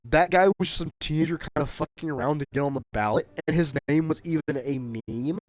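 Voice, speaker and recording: A man streaming a game, ranting in a heated, profane way and often shouting. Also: on the high side, brisk, no echo. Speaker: gaming streamer. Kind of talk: casual rant while streaming a game.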